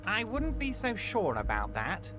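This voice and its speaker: An actor playing a smooth, falsely reassuring union boss in a video game, oily in manner. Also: male voice, sits high, wildly swooping pitch, a little slow, exaggerated voice. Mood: mocking concern. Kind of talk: game voice acting. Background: game music.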